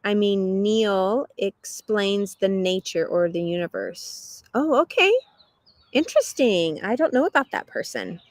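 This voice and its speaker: A woman's voice: mid-range voice, lively intonation, a little slow, no echo. A middle-aged woman hosting a live English lesson stream, chatty and reading viewer comments aloud, laughing often. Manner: laughs often between remarks. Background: dogs barking.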